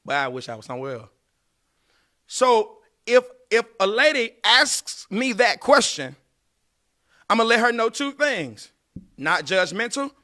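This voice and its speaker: Man in his late thirties, high voice, bright tense tone, preachy advice, talks right at listeners. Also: unhurried, long pauses. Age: late 30s. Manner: animated, preachy, addresses listeners directly. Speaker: podcast host giving dating advice. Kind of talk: casual advice monologue.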